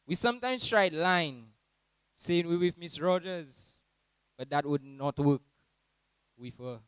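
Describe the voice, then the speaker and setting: Smooth-voiced Saint Lucian young man. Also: takes it slowly, pauses often, no echo, poor audio. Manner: animated, mimics teachers in high voices. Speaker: graduating student giving a speech. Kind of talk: humorous graduation speech.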